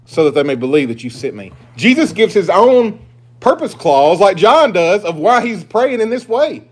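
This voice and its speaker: A male pastor delivers a sermon to his congregation. His preaching is emphatic, swinging from loud, driving declarations down to hushed, confiding asides. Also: high-pitched, big pitch swings, normal speed.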